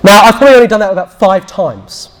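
Brief: priest, high voice, teaching talk, lively storyteller who acts out quotes. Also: male voice, quick pace. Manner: storytelling, acts out quotes, drops to a hushed voice when recounting prayers. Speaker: Catholic priest.

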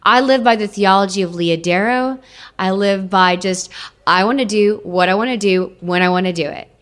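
A woman's voice: medium pitch, moderate pace, fairly bright tone. A young adult woman giving an emotional personal testimony to an audience, repeating phrases for emphasis.

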